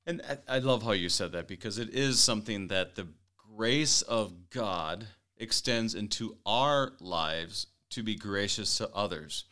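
A man hosting a Bible study radio talk, earnest and quick to laugh, reading scripture aloud. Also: fairly low pitch, pushed and bright. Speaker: host.

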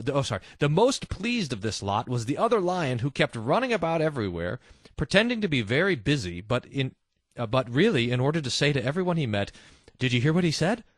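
A man hosting a casual religious talk show, reading listener quotes and mimicking people in quick asides. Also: medium pitch, no echo, clean studio sound. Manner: animated, mimics voices in asides. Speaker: host.

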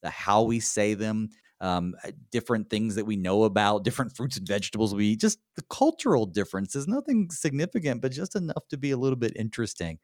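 A man from North Carolina with a Southern US accent, hosting a conversational Bible study in a chatty, relaxed way. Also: lowish voice, a little fast, hardly any pauses, no room sound, clean studio sound.

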